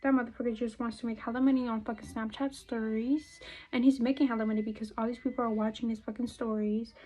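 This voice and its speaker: A young woman with a slightly high voice talks through her makeup routine in loose, profane chat. She rambles from one topic to the next and now and then drops to a murmur or half-whisper. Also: flat delivery, quick pace, dark tone, poor audio. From California. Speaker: beauty vlogger. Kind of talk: casual chat while doing makeup.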